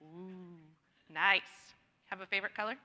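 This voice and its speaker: A woman's voice: medium pitch, steady tone, normal speed, pushed and bright, slight background noise. A woman leading a church congregation in sharing time, chatty and encouraging, laughing often. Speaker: church worship leader. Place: church sanctuary. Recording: long reverb of a church hall.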